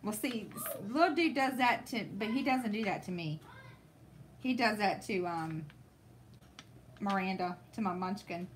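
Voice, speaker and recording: A woman hosting a craft livestream, chatting casually with viewers and telling stories in a slow, rambling way with frequent restarts. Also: medium pitch, expressive, slight background noise.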